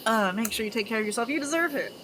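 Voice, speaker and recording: A woman's voice: a little high, expressive, racing, fairly bright tone, slight background noise. A woman streamer chatting casually with her chat, telling groan-worthy jokes and giggling at them.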